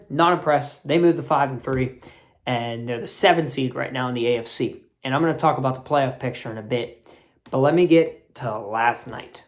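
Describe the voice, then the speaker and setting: Fired-up woman ranting about sports. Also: a little mellow. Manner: profane, fired-up ranting with big swings in pitch. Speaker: sports channel host. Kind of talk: ranting sports commentary vlog.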